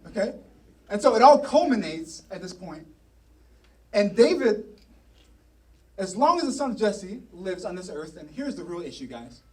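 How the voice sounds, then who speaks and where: A male pastor preaching a sermon in a church, telling a story with animated energy and playful asides. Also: high-pitched, moderate pace, pauses often, distant mic. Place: church sanctuary.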